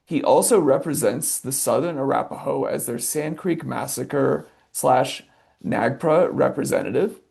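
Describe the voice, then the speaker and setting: A man hosting an event, reading a formal introduction in a measured, scripted way. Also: mid-range voice, vocal fry, a little mellow, husky. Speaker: event host.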